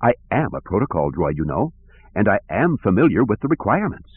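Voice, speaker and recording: A man's voice: fairly low pitch, big pitch swings, a little fast, slightly rough. A man voicing a fussy, polite male protocol droid who speaks in a prim, proper, fretful manner. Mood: soothing, prissy. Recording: tinny phone-like lo-fi audio.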